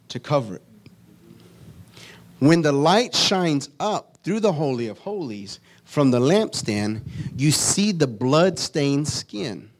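A man preaching a sermon, moving from solemn teaching to lively storytelling. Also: mid-range voice. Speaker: pastor.

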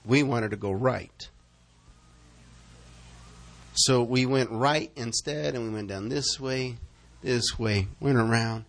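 A man preaching and telling a story to his congregation in an animated way, acting out loud calls. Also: medium pitch, takes it slowly, long pauses. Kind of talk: storytelling sermon.

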